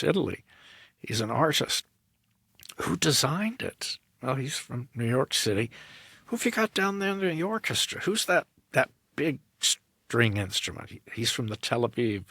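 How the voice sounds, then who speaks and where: Voicing both parties in the dialogue, the American opera director and tenor animates his story as a podcast guest. His voice is low, gravelly and a bit husky, captured in a dry recording free of room sound.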